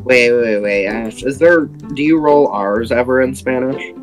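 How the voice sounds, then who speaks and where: A man at home gaming with friends over voice chat, shouting warnings and teasing them when the round gets tense. His pitch sits in an ordinary middle range, and faint music plays behind him. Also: a little slow. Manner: excitable, shouts warnings mid-game, teasing. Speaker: player in a group voice chat. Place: at home with a cat nearby.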